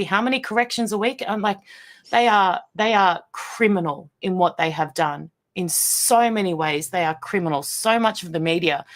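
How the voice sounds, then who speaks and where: An Australian woman speaking as an interview guest, blunt and emphatic in her impassioned answers. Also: lowish voice. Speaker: guest, broadcaster.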